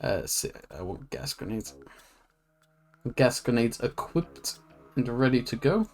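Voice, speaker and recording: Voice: mid-range voice, big pitch swings, unhurried, darkish tone. A streamer casually commenting while playing a video game, swearing now and then. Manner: casual, swears, laid-back.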